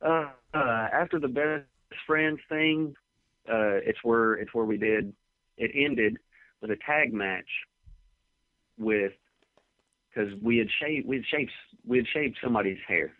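A man's voice: medium pitch, measured pace, pauses often, dry recording. A man being interviewed as a professional wrestler, telling rambling, laid-back stories from his career over a phone line. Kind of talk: casual interview storytelling. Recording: tinny dry phone line.

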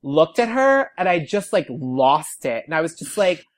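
Animated young man telling a story. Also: on the high side, normal speed. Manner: animated, quotes people in lively put-on voices. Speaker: podcast guest. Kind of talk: casual storytelling.

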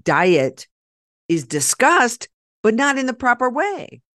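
A woman hosting a podcast in casual chat, talkative and retelling what others said with animated quoting. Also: fairly high pitch, slow, no room sound, studio quality. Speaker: podcast host.

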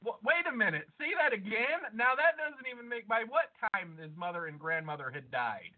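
A man co-hosting a podcast in loose, excitable chat, swearing and spinning wild theories. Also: high voice. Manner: excitable, swearing, quick to speculate. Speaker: podcast co-host. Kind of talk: casual chat. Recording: phone-like narrow sound.

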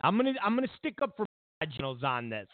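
A man's voice: on the high side, sing-song, fast talker, phone-quality sound, slight background noise. A man hosting a political commentary show, ranting sarcastically and incredulously, stammering through restarts.

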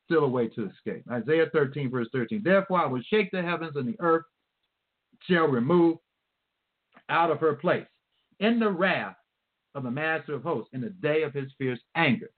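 A man preaching a sermon, reading scripture slowly and stressing his points with emphasis. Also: on the high side, lively intonation. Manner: emphatic, reads scripture slowly and repeats verse numbers. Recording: tinny phone-like audio.

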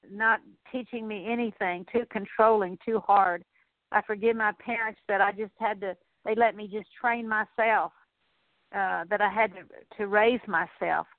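A woman leading a slow, earnest spoken prayer of repentance in a repetitive litany. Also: mid-range voice, dry recording. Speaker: prayer minister. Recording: dry, tinny phone-like sound.

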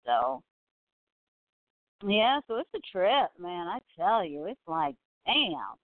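A woman's voice: lowish voice, very animated, slow pace, long pauses, dry recording. A woman from California hosts a live online show and talks in a loose, chatty ramble full of asides. Her voice comes through thin and tinny, like a phone line, with a dry, close sound. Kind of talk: casual rambling commentary.

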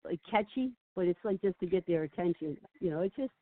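A woman with a lowish voice talks fairly quickly as a guest on a phone-in chat show. She's an animated storyteller who laughs often and acts out quotes, heard over a tinny, dry phone line.

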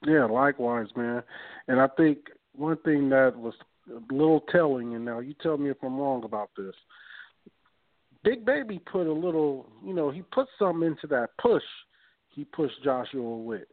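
A man's voice: medium pitch, expressive, moderate pace, no echo. A man co-hosting a boxing podcast, trading laid-back, slangy banter in casual chat. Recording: dry, tinny phone-like audio.

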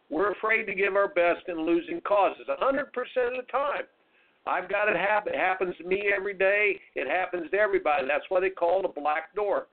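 A man hosting a radio talk show, telling stories in an emphatic, folksy, motivational way. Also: high-pitched. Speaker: radio show host and tennis coach. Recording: narrow phone-like radio sound.

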